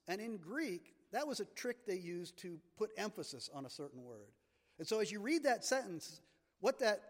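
A man with a high voice preaches a sermon and hits his key words hard. His voice rings out in the long reverb of a church sanctuary. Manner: emphatic teaching, stressing key words. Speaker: pastor. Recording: long reverb of a large hall.

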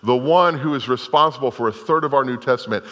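A middle-aged man preaches with a bright, forceful edge in his voice. He tells a story in a folksy, unpolished way, often restarting his sentences. His words ring out with a long reverb, as in a large church hall. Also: mid-range voice, fast. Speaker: Methodist pastor. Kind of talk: sermon.

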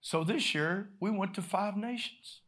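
Man, preacher, sermon storytelling, animated, repetitive, loud-to-soft swings, slightly high voice. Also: a little slow.

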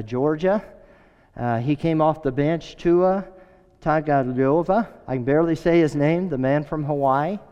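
A middle-aged man preaching a sermon with earnest, emphatic storytelling and a smooth, resonant voice. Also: medium pitch, a little mellow. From United States. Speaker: pastor. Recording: echoey hall, dull sound.

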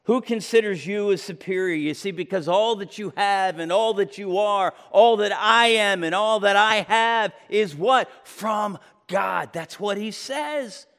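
A man's voice: a little slow, few pauses. Preaching man with swinging dynamics. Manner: preaching with strong swings between loud emphatic peaks and low quiet passages. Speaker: pastor. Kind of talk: sermon. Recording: long reverb of a large room.

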